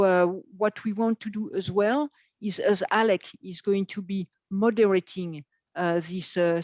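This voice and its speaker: Woman host, halting and filler-heavy, dry dull video-call sound. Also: medium pitch, a little mellow, dry recording. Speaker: event moderator. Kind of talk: hesitant live announcements.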